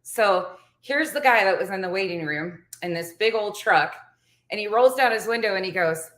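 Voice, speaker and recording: A woman's voice: fairly low pitch, a little fast, fairly bright tone, roomy sound. A woman in her forties telling a story to the camera in a chatty vlog, laughing often as she goes. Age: 40s. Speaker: vlogger. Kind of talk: casual storytelling chat.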